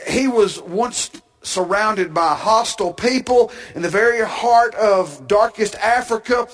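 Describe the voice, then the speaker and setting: A man preaching a sermon, with an emphatic delivery that builds to shouted climaxes and drawn-out phrases. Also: sits high.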